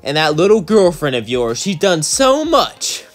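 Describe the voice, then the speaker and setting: A man's voice: on the high side, big pitch swings, a little slow, faint music behind, voice pushed up. A man voicing a gloating, boastful man villain in a fan story. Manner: gloating, shouty.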